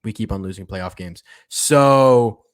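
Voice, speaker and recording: A man's voice: fairly low pitch, slow. A young man hosting a solo sports podcast, talking in an emphatic, fired-up way and hammering the same points again and again. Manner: fired-up, emphatic, repeats himself. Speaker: podcast host.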